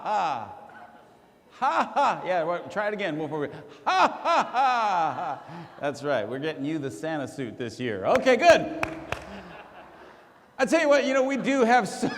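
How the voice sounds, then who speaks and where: Emcee, male, high animated voice, playful crowd teasing, hall reverb. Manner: jokey, teasing, shouting to the crowd. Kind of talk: playful stage hosting. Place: large hall on stage. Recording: reverberant hall, faint noise.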